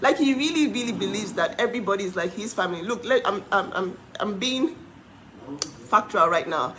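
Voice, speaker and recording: A woman's voice: mid-range voice, a bit bright, a little hiss or hum, rough recording. A woman in her thirties giving an angry, sarcastic rant, often laughing bitterly. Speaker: livestreamer speaking out for her sister. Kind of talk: emotional direct-to-camera rant.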